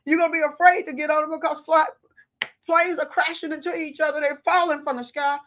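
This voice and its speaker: A tearful woman pleads urgently in a high voice, as a narrator puts her on. The sound is slightly muffled and lo-fi. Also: flat delivery, brisk, fairly bright tone, a little hiss or hum. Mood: pleading. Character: tearful woman warning about flying.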